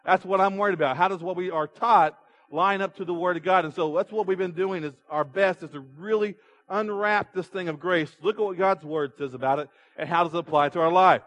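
A man's voice: high-pitched, fairly quick, a bit bright. A male pastor preaching a sermon, retelling a story and putting rhetorical questions to his congregation. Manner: storytelling with repeated restarts.

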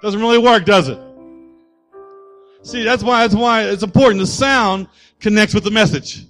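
A man's voice: high voice, moderate pace, a bit bright, soft background music. A man preaching a sermon as pastor, with rising and falling emphasis and acted-out voices.

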